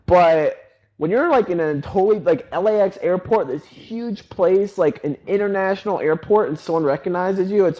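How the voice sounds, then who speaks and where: Excitable young man rambling on a podcast. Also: medium pitch, rough recording. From North Carolina, US. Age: 20s. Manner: excited, rambling, many "like" and "freaking" fillers. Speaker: website founder and podcast host. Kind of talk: casual storytelling chat.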